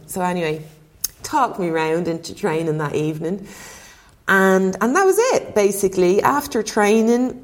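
In a casual storytelling chat, a woman from Ireland who used to play in goal acts out conversations and laughs frequently as an interview guest. Her pitch is medium and her speed normal.

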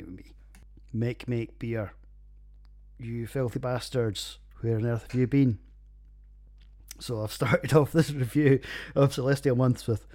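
A man's voice: medium pitch, warm tone. A man with a Scottish accent hosting a casual solo podcast, rambling and jokey with plenty of swearing. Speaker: podcast host reviewing beers.

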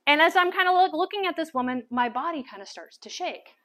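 A woman telling a personal testimony as a sermon, animated and full of stammered restarts. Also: sits high, fast talker. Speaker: speaker sharing testimony. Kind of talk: sermon storytelling.

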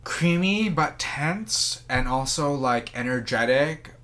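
Bright-voiced man rambling about wine. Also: medium pitch, animated, slow pace. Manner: rambling, many fillers and restarts, descriptive. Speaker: sommelier guest. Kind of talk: casual podcast chat.

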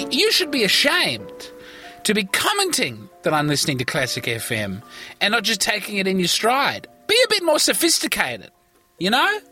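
A tired man hosting a rambling solo comedy podcast from a parked car, with theatrical, pompous mock-indignation. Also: high-pitched.

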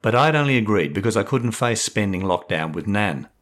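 A man's voice: on the low side, brisk. A man reading his own short stories aloud and explaining how he wrote them. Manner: expressive storyteller. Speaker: writer and narrator.

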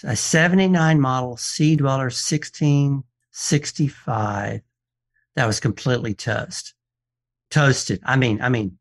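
A man telling stories on a radio talk show, quoting the people in them and often restarting his sentences. His pitch sits in the middle for a man. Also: takes it slowly. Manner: animated storyteller, quotes people in dialogue, frequent restarts. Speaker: watch expert and appraiser, guest. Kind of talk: casual radio show storytelling.

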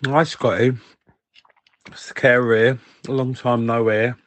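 A man's voice: mid-range voice, little pitch movement, slow, fairly bright tone, slight background noise. A man leaving a casual voicemail for a podcast while eating, cheeky and gossipy. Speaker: caller.

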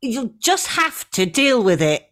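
Chatty middle-aged woman, lively pitch. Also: unhurried. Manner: chatty, warm teasing, trailing fillers. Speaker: podcast co-host. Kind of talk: casual chat.

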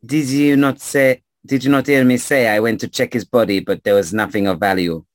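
A man's voice: medium pitch, steady tone, a little fast, no room sound, close to an everyday voice. A man voicing a teasing, evasive Vistani man with a put-on French accent. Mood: sly. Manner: teasing, playful.

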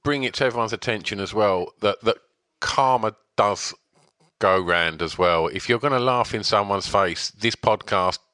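A man's voice: on the low side, moderate pace, sharp tone, smooth, no echo. A man hosting a casual podcast chat, laughing often and swearing freely. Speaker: podcast host.

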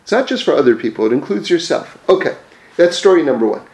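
Man, high voice, religious storytelling lesson, chatty with fillers, echoey room. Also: sing-song, quick pace, a little mellow. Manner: conversational, with frequent fillers and self-corrections.

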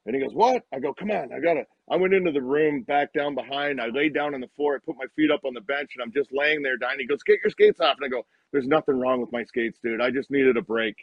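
A man in his fifties, a retired hockey player, telling lively anecdotes as a guest and acting out the lines people said. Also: mid-range voice, quick pace, few pauses, no room sound, lo-fi sound. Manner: animated anecdotes, acts out quoted lines. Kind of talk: casual storytelling on a live show.

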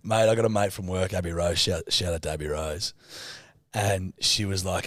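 A man's voice: low voice, brisk, a bit bright, no echo, studio quality. A young Australian man co-hosting a podcast, bantering bluntly and swearing constantly as he teases his co-host. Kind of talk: casual banter.

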